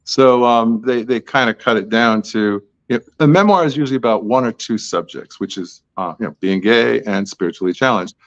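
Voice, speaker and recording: A man's voice: medium pitch, fairly quick, hardly any pauses, no room sound, lo-fi sound. A man being interviewed as an author, talking in a chatty, tangential, self-deprecating way. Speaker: author guest. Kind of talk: podcast interview answers.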